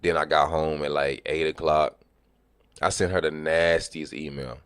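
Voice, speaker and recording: A man livestreaming, telling animated, profane stories about work and acting out what people said. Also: a bass voice, measured pace, smooth, no echo, studio quality. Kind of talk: casual storytelling chat.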